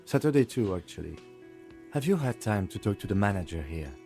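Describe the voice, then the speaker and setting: Calm, low-voiced police lieutenant. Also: male voice, a little fast, creaky, music in the background. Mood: composed. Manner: polite, composed and businesslike. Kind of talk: scripted game dialogue.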